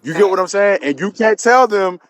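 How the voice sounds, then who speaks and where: A man's voice: high-pitched, expressive, fairly quick, dry recording. A man co-hosting a casual live stream, answering viewer comments, pressing his points and repeating them. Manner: emphatic, repeats his points, frequent restarts. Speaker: livestream co-host.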